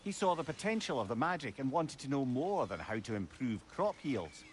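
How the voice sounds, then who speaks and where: An actor playing a wise, talkative old male adviser who tells tales in a lively, dry-witted way. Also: mid-range voice, normal speed, slight background noise, close to an everyday voice. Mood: storytelling. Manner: lively storytelling, dry wit.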